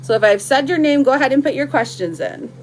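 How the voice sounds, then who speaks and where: A woman's voice: high voice, lively intonation, quick pace, a little hiss or hum. Chatty woman reading tarot live. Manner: chatty, friendly, full of fillers and slang. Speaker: tarot reader hosting a live stream. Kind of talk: casual live-stream chat.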